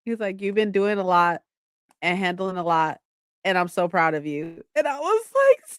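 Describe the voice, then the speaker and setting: A woman's voice: on the low side, normal speed, smooth, no room sound, studio quality. A young woman vlogging from home in a casual, bubbly, chatty way. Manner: bubbly, chatty, squeals when excited. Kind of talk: casual chat.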